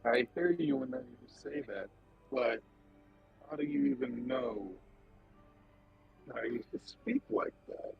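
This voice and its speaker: A man's voice: mid-range voice, takes it slowly, creaky, pauses often. A man playing a character in a tabletop game, pressing insistently for answers. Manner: insistent, probing. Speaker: player. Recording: dull lo-fi sound with faint music.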